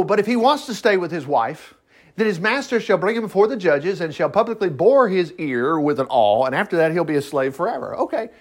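Animated folksy preacher. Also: male voice, high-pitched. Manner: folksy, animated, quick to laugh and digress. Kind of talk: informal Bible teaching.

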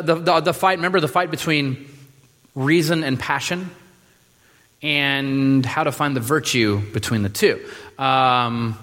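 A man preaching a sermon in a relaxed, joking way, with many fillers and restarts. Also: a little high. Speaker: pastor. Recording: reverberant hall.

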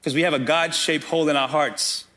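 A man's voice: a little high, fairly even intonation, fairly quick, sharp tone. A man preaching a sermon as pastor, calling out directly to his congregation.

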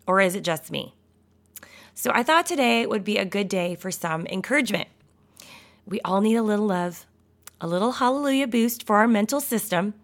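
Woman podcast host in her thirties, unhurried, encouraging devotional talk with lively bursts. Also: medium pitch. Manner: encouraging, animated, laughs and sighs, reads scripture aloud.

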